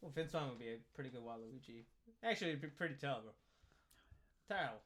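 A man's voice: mid-range voice, rapid-fire, a bit bright. A man co-hosting a comedy podcast in casual banter, riffing on silly wordplay. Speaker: podcast co-host.

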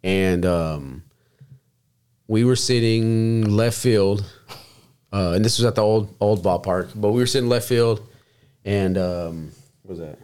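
A man's voice: on the low side, measured pace, pauses often, darkish tone, clean tone. A young man chatting casually, telling a long rambling story with lots of swearing. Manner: rambling, profane, laid-back storyteller.

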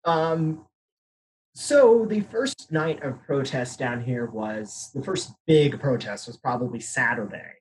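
A man's voice: mid-range voice, lively intonation, takes it slowly, husky, poor audio. A young man from Arizona, a panelist on a college podcast, talking candidly in casual discussion and laughing nervously at grim news. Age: young adult.

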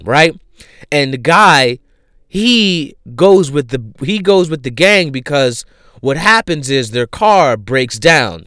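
A man casually retelling a show he recommends, animated and full of fillers. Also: mid-range voice, smooth, no echo, studio quality. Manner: animated storyteller, many fillers.

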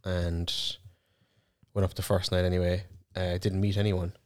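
A man's voice: deep voice, level tone, normal speed, darkish tone. A young man with a Cork accent, co-hosting a podcast and telling stories in casual chat, swearing freely. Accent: Irish, Cork. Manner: swears freely, storytelling with voiced asides. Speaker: podcast co-host.

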